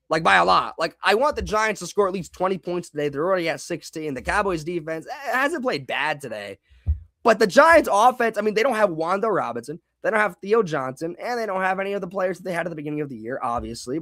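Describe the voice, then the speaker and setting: A young man with a fairly high voice hosts a live football reaction stream. He rambles, restarts his sentences and reads chat comments out loud. The sound is close and dry, with no room around it. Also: dry recording.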